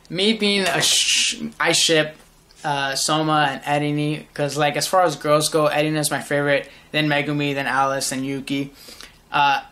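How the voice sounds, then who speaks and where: A man's voice: fairly high pitch, pushed and bright. A young man casually reviewing a manga chapter, rambling and enthusiastic, often restarting his sentences.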